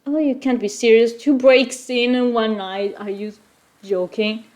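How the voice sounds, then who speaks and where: A woman's voice: on the high side, fairly even intonation, a little slow, darkish tone, close to an everyday voice. A woman voicing a blunt female private detective with a dry, sarcastic manner in a game playthrough. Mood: incredulous.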